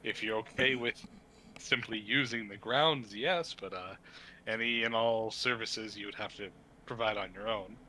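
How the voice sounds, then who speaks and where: A man's voice: on the low side, normal speed, pushed and bright, slight background noise, rough recording. A man voicing a polite male monk who answers requests with courteous hesitation. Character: polite male monk keeping a damaged estate.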